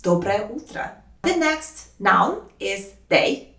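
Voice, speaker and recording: A woman who speaks Russian natively, teaching a language lesson in English with slow, careful speech, saying each phrase twice. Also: medium pitch, big pitch swings, gravelly, pushed and bright, far from the mic. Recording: roomy, voice a bit off-mic.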